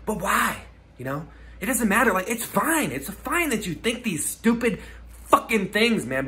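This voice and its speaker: Bright-voiced man in a rambling rant. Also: high-pitched, breathy edge. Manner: rambling, rhetorical, swearing, talks to unseen haters. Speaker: comedy vlogger. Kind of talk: comedic rambling rant to the camera. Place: outdoors on a hike.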